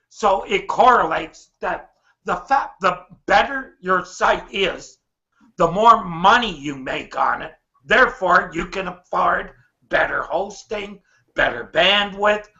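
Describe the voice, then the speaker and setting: Blunt sarcastic guy, bright sharp tone, talks slow. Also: high voice. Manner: blunt, sardonic, crude asides. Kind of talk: casual group chat over a call. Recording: dull call audio.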